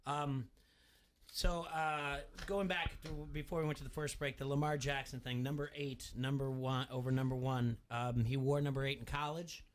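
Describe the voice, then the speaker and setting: Man, sports radio host, casual talk, rambling, mid-pitched voice, acts out quotes. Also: steady tone, moderate pace.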